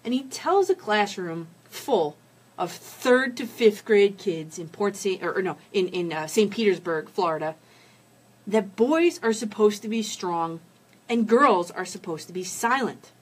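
Husky-voiced woman sports show host. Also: mid-range voice, lively intonation, unhurried. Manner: opinionated, heated commentary with restarts. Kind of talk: sports news and opinion podcast.

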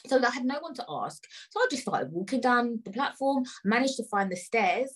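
A young woman with a London accent telling an animated, indignant story in a casual rant, full of swearing and slang. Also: a little high, fairly quick, husky, poor audio. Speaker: vlogger.

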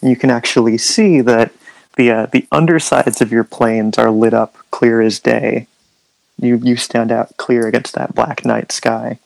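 Man running a tabletop game, gravelly voice, dry close sound, relaxed. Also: medium pitch, no room sound, poor audio. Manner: relaxed, halting with fillers. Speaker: game master.

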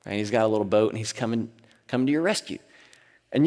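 Dynamic preacher in a reverberant hall. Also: male voice, on the low side, fast talker. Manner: dynamic, swinging from loud bursts to hushed near-whispers. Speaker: pastor. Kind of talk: sermon.

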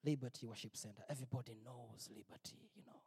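A middle-aged male pastor preaching a personal testimony, emphatic and repetitive, sometimes rising to near-shouts. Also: medium pitch, fast, slightly rough. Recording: long reverb, big hall.

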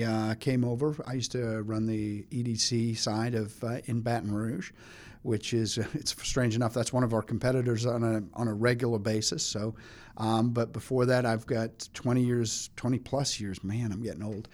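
Middle-aged radio guest, talkative, casual, plain mid voice. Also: male voice, mid-range voice, darkish tone. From England. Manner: chatty, many restarts, laughs easily. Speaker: economic development chief, studio guest.

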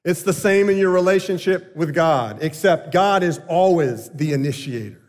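A man's voice: fairly high pitch, lively intonation, a little mellow. Earnest preaching man in a reverberant hall. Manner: earnest, emphatic preaching with pauses. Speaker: pastor. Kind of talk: sermon.

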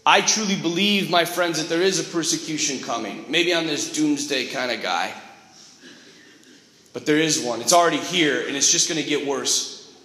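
An animated male priest preaching in a church, telling stories with quick asides and acting out quotes. His voice is bright, a little high for a man, and cutting. The long reverb of the church hall rings behind him. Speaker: Catholic priest. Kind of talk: sermon.

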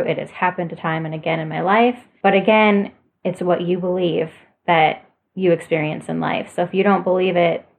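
A woman's voice: lowish voice, steady tone, moderate pace, vocal fry, rough recording. A woman hosting a spiritual talk, speaking in an earnest, heartfelt way. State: emotional, voice moved. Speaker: spiritual podcast host. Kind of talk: reading a personal message, then casual talk.

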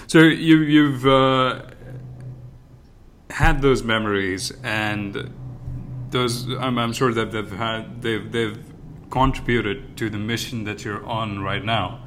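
Rambling low-voiced man host. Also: slow, fairly bright tone, slight background noise. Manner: rambling questions, lots of restarts and fillers. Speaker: podcast host. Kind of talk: casual interview questions.

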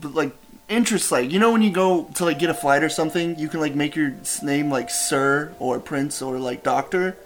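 A man's voice: a little high, a little fast. A male podcast host in casual comedic chat, joking and swearing. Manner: animated, joking, profane.

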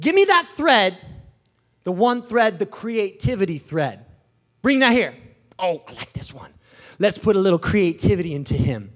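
A preacher voicing Jesus as a playful male creator who calls out excitedly to his helper angels. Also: sits high, moderate pace, pitched below the performer's own voice. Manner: playful and bossy, calling to helpers.

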